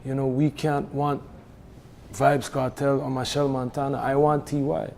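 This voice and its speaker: A man from Belize speaks in a mellow, darkish voice. He talks in an animated way, full of fillers and restarts. A faint hum of ambience sits behind him. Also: medium pitch, moderate pace, vocal fry. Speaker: music event organizer. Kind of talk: casual studio conversation.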